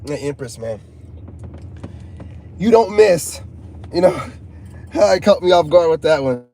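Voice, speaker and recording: A man's voice: on the high side, lively intonation, slow pace, warm tone. A man, hosting a casual live stream, joking and reading chat aloud. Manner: joking, laid-back, reads chat aloud. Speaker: channel host talking to live chat.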